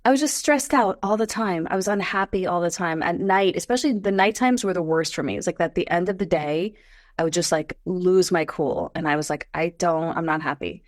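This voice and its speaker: A woman in her forties, a podcast guest, telling her story in a casual interview, animated and climbing into high exclamations. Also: brisk, no echo, studio quality. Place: Los Angeles.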